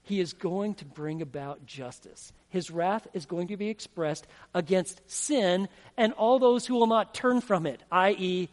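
A man's voice: sits high, a little slow, hardly any pauses. A man preaching a sermon as pastor, emphatic and asking the congregation questions. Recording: long hall reverb.

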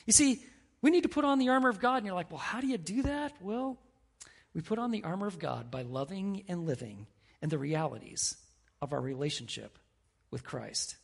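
A middle-aged man preaching a sermon as pastor, telling stories with animated quoted voices. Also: fairly high pitch, moderate pace, vocal fry.

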